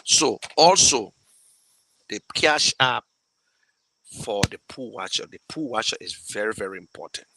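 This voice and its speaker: Emotional Liberian man, bright forceful voice. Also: lowish voice, expressive, a little slow, pauses often, slight background noise, low-quality recording. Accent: Liberian English. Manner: emotional, rambling, with many restarts and thanks. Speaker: show host fundraising for a campaign. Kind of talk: casual live talk to viewers.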